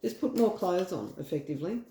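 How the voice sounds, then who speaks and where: Aussie lady doing a tarot reading, soft mellow tone, kinda echoey room, rambly and reassuring. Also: on the low side, expressive, fairly quick, slight background noise. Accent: Australian. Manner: chatty, reassuring, rambling with fillers. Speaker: tarot reader. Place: home room.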